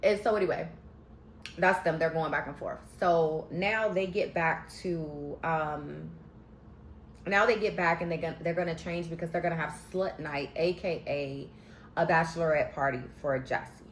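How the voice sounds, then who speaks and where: A woman's voice: low voice, moderate pace, slight background noise. A woman recapping a reality show in a casual, sassy, slangy way, giving candid opinions. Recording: echoey room.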